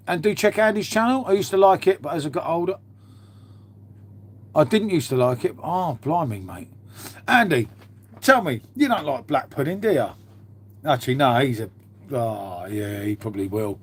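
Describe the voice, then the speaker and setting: A man's voice: sits high, expressive, normal speed. A man chatting casually on a live stream from a half-converted garage at home, rambling, swearing now and then and calling everyone mate. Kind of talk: casual live-stream chat reading viewer comments.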